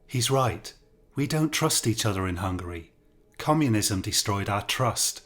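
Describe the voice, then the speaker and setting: A man's voice: on the low side, expressive, a little slow, fairly bright tone. Man voicing a blunt Hungarian wife. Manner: blunt, teasing. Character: frank Hungarian woman, a businessman's wife.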